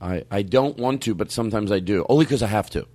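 A man hosting a comedy podcast in casual chat, playful and quick to laugh and joke with his guest. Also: fairly low pitch, darkish tone. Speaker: podcast host.

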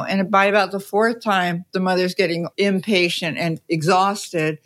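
A woman's voice: lowish voice, fairly even intonation, a little slow, hardly any pauses, a bit bright. A woman guest on a conversational podcast, telling stories in a chatty way and laughing as she goes. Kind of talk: conversational storytelling.

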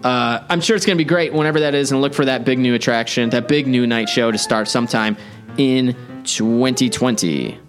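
A man's voice: medium pitch, a little fast, faint music behind. A man hosting a theme park podcast, talking in an enthusiastic, rambling, chatty way. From Chicago area. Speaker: podcast host. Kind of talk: casual podcast chat.

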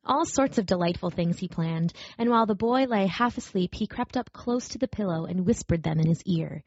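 A woman narrating a storybook aloud in a gentle, even storytelling manner. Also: fairly low pitch, brisk, husky, no room sound. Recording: dry, slightly dull recording.

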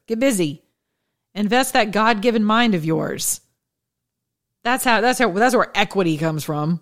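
A woman hosting an opinion podcast, talking in a sarcastic, combative way and laughing often. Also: mid-range voice. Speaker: podcast host. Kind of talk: opinion monologue.

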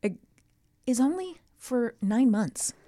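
A woman's voice: a little high, sing-song, slow, warm tone, dry recording. Woman podcast host, conversational and chatty, dry studio sound. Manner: chatty, storytelling with asides. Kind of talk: casual chat.

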